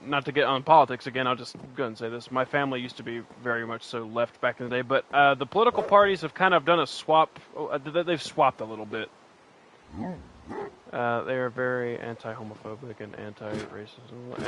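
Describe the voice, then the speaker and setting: A man's voice: mid-range voice, a little fast, bright, forceful tone, a little hiss or hum, rough recording. A man streaming a game in casual chat, rambling, laughing often and answering his chat. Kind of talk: casual chat while playing and reading chat.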